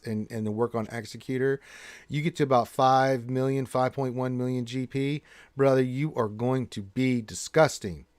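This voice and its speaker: A man's voice: mid-range voice, a little mellow, no room sound. Laid-back slangy man on a dry mic. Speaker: co-host of a gaming livestream. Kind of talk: casual chat, reading viewer questions.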